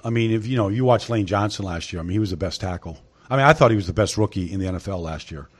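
A man's voice: fairly low pitch, rapid-fire. Man breaking down football plays. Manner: explains at length, heavy use of "I mean". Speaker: football analyst. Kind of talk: casual sports discussion.

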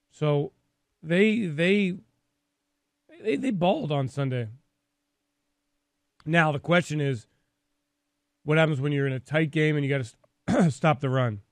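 Male sports talk host, lively and talkative, dry studio sound. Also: a little high, no echo. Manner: energetic, repeats words while thinking.

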